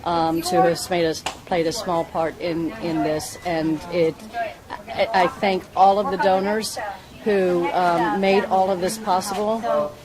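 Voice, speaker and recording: A woman's voice: on the low side, steady tone, poor audio. Earnest woman speaking amid a crowd. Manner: earnest, halting, emotional. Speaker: volunteer fundraiser. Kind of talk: heartfelt speech at a public event. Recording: crowd noise behind.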